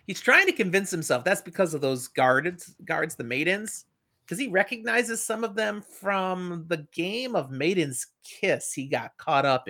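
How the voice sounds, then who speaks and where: Middle-aged male host: lively recapper, bright, very expressive pitch. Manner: animated retelling, acting out the characters. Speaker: podcast host. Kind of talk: casual book discussion.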